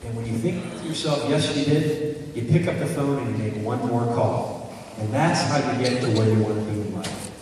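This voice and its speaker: Recorded from afar in a noisy, echoey hall, a man with a medium-pitched voice speaks a little fast. He's giving a motivational talk, mixing stories with questions to the audience.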